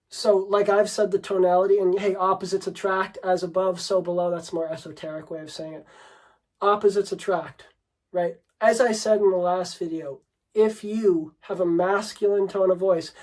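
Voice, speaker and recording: A man's voice: sits high, a little mellow, poor audio. A man coaching on dating, talking unscripted to the camera in a brash, swearing, rambling way, and calling the listener bro and dude.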